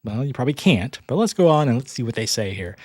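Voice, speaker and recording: Southern-raised guy rambling thru listener questions on his podcast, chuckles a lot, average pitch, dry close sound. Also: sing-song, fast, no echo. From American South. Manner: rambling, chuckles often, self-deprecating asides. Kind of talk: casual rambling commentary.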